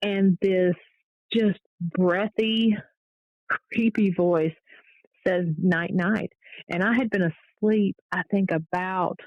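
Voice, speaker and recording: A woman paranormal investigator, a guest on the show, telling her stories in a casual, animated way. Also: medium pitch, slow, no room sound. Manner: animated storytelling, fillers and restarts. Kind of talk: casual interview storytelling. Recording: dull lo-fi audio.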